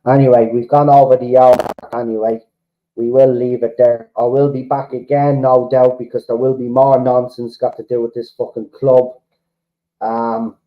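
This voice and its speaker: On a lo-fi recording, a medium-pitched man from the Republic of Ireland rants heatedly to his chat as host of a fan channel livestream. He swears and frequently says the same things again.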